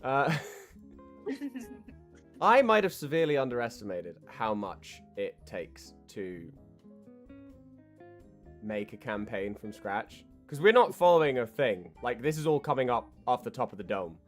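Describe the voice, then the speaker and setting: A man's voice: mid-range voice, sing-song, measured pace, long pauses, faint music behind. Joking young man hosting a stream. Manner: joking, rambling, laughs often. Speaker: game master and stream host. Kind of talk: casual chat on a stream.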